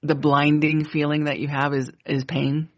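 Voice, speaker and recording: A man co-hosting the show who speaks in a calm, measured, thoughtful way. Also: on the high side. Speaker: co-host.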